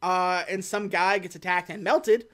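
A woman co-hosting a casual movie podcast, recapping scenes and slipping into quick deadpan voices for the characters. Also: on the low side. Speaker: podcast co-host.

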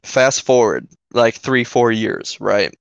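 A man's voice: medium pitch, expressive, slow, creaky, clear, resonant tone, no echo. A man co-hosting a podcast, telling a story in a casual, profane way, full of fillers and "right?". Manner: profane, filler-heavy, keeps asking "right?". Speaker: podcast co-host. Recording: dull lo-fi dry recording.

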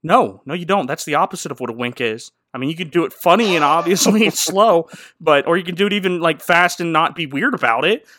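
A man telling a goofy, rambling movie recap. His voice is slightly high and bright. It is recorded close and dry. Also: lively intonation, a little fast, no room sound. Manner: goofy, rambling, laughs a lot. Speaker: podcast co-host.

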